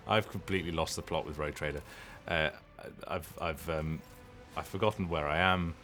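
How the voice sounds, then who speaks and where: Very deep-voiced man chatting casually. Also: steady tone, moderate pace, fairly bright tone. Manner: rambling, hesitant, many ums and restarts. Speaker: voice actor streaming a game. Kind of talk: casual live-stream chat.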